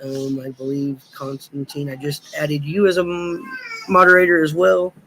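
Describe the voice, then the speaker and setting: Monotone man hosting a livestream. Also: on the high side, normal speed, slight background noise, rough recording. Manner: hesitant, many fillers, thinks aloud while clicking around. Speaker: livestream host. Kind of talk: casual livestream chat.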